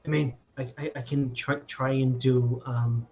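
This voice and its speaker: A man's voice: medium pitch, little pitch movement, unhurried, muffled recording. An Australian man playing a tabletop game online, hesitant and full of ums. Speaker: player. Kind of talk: casual tabletop game chat.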